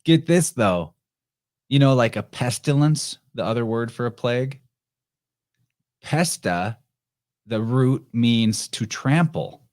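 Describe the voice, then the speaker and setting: A man's voice: mid-range voice, lively intonation, slow, pauses often, a little mellow. A man hosting a podcast in casual chat, laid-back and chuckling along with his guests. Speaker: podcast host.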